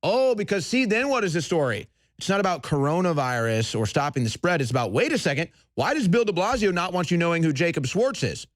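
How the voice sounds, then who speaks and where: A man hosting a talk show, ranting angrily, shouting at times and mocking his opponents. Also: a little high, no echo, studio quality. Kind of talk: heated political talk radio rant.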